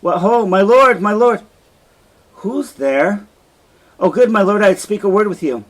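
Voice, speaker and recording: A man reading aloud as an anxious female servant, calling out in a much higher voice. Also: a little slow, rough recording. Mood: urgent. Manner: high urgent calling.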